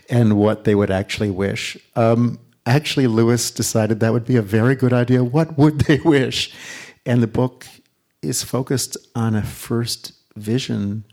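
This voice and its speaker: A man introducing an author onstage, speaking slowly and deliberately, stretching words and sinking to a near-whisper for emphasis. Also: on the low side, gravelly, a little mellow. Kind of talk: reflective spoken introduction.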